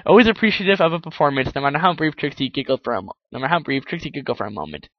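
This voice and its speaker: A man's voice: on the high side, lively intonation, racing, dry recording, dull audio. A man reading fan fiction aloud in a casual way, often stumbling and correcting himself. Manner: stumbles, self-corrects, laughs at the text. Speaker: narrator.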